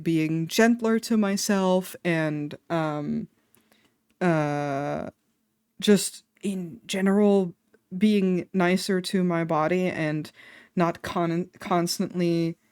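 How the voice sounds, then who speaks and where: A woman streamer chatting casually on a live stream, self-deprecating and quick to laugh. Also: lowish voice, darkish tone, clear, resonant tone, dry recording, clean studio sound. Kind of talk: casual livestream chat.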